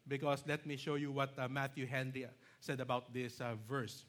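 A male pastor preaching a sermon, emphatic, stretching key words slowly and often checking in with "okay?" and "right?". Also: medium pitch, little pitch movement, fairly bright tone.

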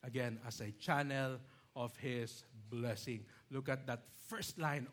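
A male pastor preaches emphatically in a mid-range, fairly bright voice, drawing out key words slowly. He often checks in with his listeners by asking "okay?" and "right?".

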